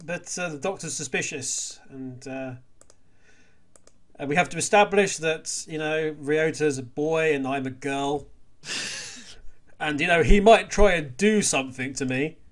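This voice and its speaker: A man's voice: on the high side, measured pace. A man hosting a comedic let's play, reading the game's dialogue aloud and making playful, jokey asides.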